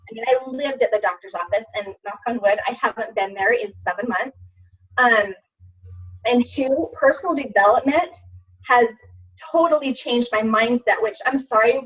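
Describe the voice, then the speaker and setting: A woman's voice: a little high, fairly bright tone, slightly rough. A woman in her thirties, a fitness coach, talking casually with lots of fillers and restarts in a webinar. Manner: chatty, many fillers and restarts. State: tearful at times. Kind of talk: casual testimonial chat. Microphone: webinar recording. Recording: distant, dull lo-fi webinar audio.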